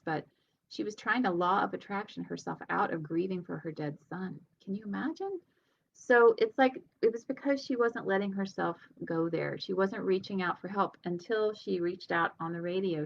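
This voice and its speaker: A woman's voice: lowish voice, gravelly, lo-fi sound. A woman speaking as a healer and leadership coach, giving an earnest, conversational motivational talk with light laughs.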